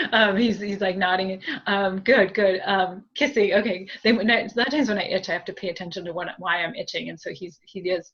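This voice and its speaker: A woman medium giving a group reading in a gentle, chatty way, with many fillers and soft thank-yous. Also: medium pitch, steady tone, a little fast, hardly any pauses, breathy edge, dull audio. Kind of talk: spiritual reading, conversational.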